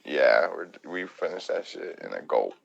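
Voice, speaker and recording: A man's voice: extremely low pitch, big pitch swings, moderate pace, gravelly, muffled recording, crowd noise. A man co-hosting a podcast, telling profane stories in casual chat and laughing a lot. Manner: profane, storytelling, laughs a lot, mimics people in quotes. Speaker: podcast co-host.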